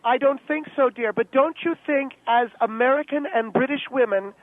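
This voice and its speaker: Male comic doing a snooty high-voiced society dame, catty and gushing, over a tinny phone line. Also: moderate pace, no room sound. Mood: haughty. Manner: haughty, gushing, calls people darling. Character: pompous gossiping American society lady, middle-aged. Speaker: guest character on radio show.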